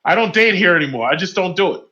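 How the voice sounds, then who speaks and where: Man, blunt, emphatic, bright high voice, muffled voice chat. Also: animated, rapid-fire. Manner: blunt, emphatic, repeats himself. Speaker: voice chat participant. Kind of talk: casual group voice chat. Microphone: online voice chat mic.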